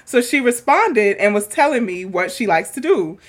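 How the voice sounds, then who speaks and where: A woman's voice: mid-range voice, expressive, moderate pace. A woman co-hosting a podcast, chatting casually and reading a listener's letter aloud with a lot of laughter. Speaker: podcast co-host.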